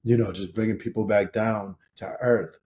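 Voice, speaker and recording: Middle-aged man from St. Paul, low voice, loose and rambling storyteller, guest on a chat podcast. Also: steady tone, moderate pace, darkish tone, slight background noise. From St. Paul, Minnesota, USA. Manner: rambling, full of "you know" and restarts, laughs as he tells stories. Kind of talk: casual interview storytelling.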